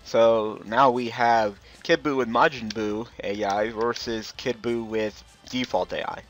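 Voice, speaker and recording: Bright, excitable male game commentator. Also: mid-range voice, a little slow. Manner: excitable, chuckling, rambling asides. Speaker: gameplay commentator.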